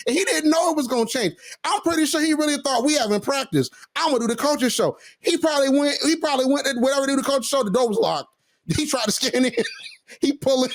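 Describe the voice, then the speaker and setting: A young man with a high-pitched voice co-hosts a casual sports podcast. His pitch swings widely as he gets animated. He laughs often and drops into a mocking tone when he reads quotes aloud. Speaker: podcast co-host.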